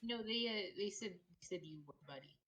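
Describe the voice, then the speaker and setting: With a medium-pitched, bright and forceful voice, a woman talks at normal speed with lively intonation during casual tabletop play. As a player, she rambles, swears and uses plenty of fillers.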